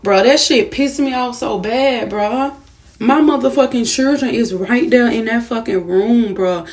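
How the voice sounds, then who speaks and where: A woman's voice: on the high side, very animated, normal speed. A shaken woman, just woken from sleep, venting angrily to her viewers with heavy swearing and repetition. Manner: profane, repetitive, agitated. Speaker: vlogger. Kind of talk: angry venting to camera.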